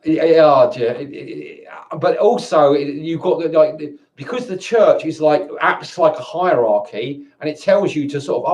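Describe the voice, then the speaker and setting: A man's voice: on the high side, normal speed, a little mellow. A man ranting angrily to camera, swearing and stumbling over his words with many restarts. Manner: angry, swearing, stammering restarts. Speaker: vlogger. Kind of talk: angry ranting monologue.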